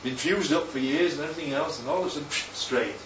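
Speaking quickly in a voice that's a little high, this man preaches a sermon with energy, slightly raising his voice and repeatedly checking in with the congregation through "Right?" and "Yeah?". The sound is echoey, distant and dull, with faint ambience and a noisy background.

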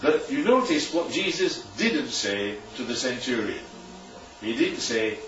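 Animated preacher heard from afar. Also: male voice, mid-range voice, unhurried, faint music behind. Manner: conversational, asks rhetorical questions like "right?". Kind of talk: sermon. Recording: distant, echoey room, dull sound.

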